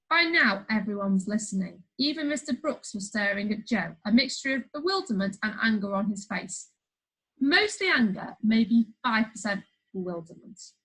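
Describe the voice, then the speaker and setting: A woman's voice: medium pitch, animated, moderate pace, fairly bright tone, husky, poor audio. A woman reading a funny children's story aloud, playful, with chatty asides to the listener. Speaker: storybook reader.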